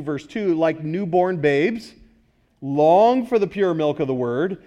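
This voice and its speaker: A man's voice: high-pitched, darkish tone. A male pastor preaching a sermon, often asking the congregation questions and repeating key words for emphasis.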